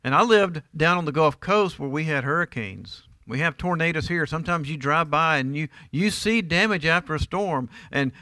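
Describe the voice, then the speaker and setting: Bright-voiced man preaching a sermon. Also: fairly high pitch, expressive, normal speed, hardly any pauses, no echo. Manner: emphatic, asks the congregation rhetorical questions. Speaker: pastor. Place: church.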